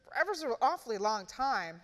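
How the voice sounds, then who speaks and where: A woman reading the lines of an exasperated, flustered young man, pitched higher and louder than her narration. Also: very animated, a little fast, in a large hall.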